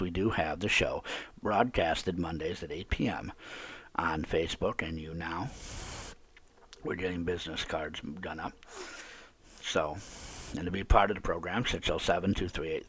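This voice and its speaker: A man's voice: sits low, husky. A man hosting a live call-in podcast, ranting indignantly and repeating himself. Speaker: podcast host.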